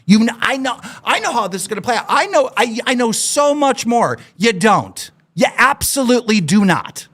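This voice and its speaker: A man hosting a live stream, ranting furiously with constant swearing and shouting. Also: very high-pitched, big pitch swings, moderate pace, few pauses. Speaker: show host. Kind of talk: angry live-stream rant.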